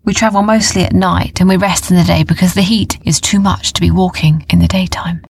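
A woman voicing a cloth-wrapped desert trader who explains things in a calm, kindly way. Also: fairly low pitch, brisk, creaky, husky, no echo. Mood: kindly explaining.

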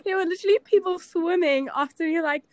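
A woman's voice: very high-pitched, fast, darkish tone. A young woman, co-hosting a podcast in casual chat, earnest and reflective, saying "like" often. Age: late teens. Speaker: podcast co-host.

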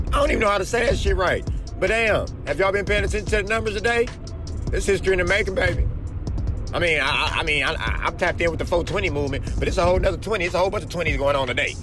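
A hoarse man with a cold hosting a podcast from his car, talking loose, slangy and profane. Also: high voice, rapid-fire, music in the background. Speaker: podcast host. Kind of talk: casual solo podcast talk. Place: in a car on the road.

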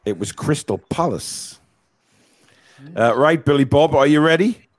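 A man's voice: fairly high pitch, lively intonation, measured pace. A man hosting a casual quiz on a live stream, swearing and teasing the callers as he reads the questions. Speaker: quiz host.

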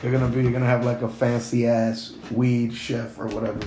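A man's voice: medium pitch, flat delivery, a little fast, dark tone. A man in casual podcast banter, a laid-back joking storyteller. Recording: roomy room with background noise.

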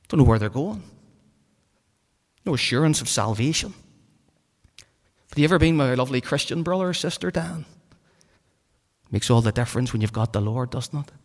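A man preaching a sermon, fervent, swinging from loud exhortation to hushed pleading. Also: medium pitch. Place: church hall. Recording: hall reverb.

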